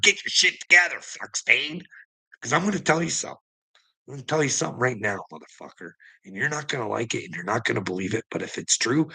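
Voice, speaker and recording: A man's voice: lowish voice, gravelly, pushed and bright, slightly rough. A man ranting profanely at someone, mocking and angry, with laughs between lines. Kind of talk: ranting livestream talk.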